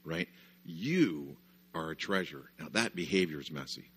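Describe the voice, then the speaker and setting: A man's voice: very deep voice, animated, a little slow, fairly bright tone, husky. A man giving a conversational parenting talk at a church conference, often checking in with "right?". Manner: conversational, lots of "right?" asides. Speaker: conference speaker.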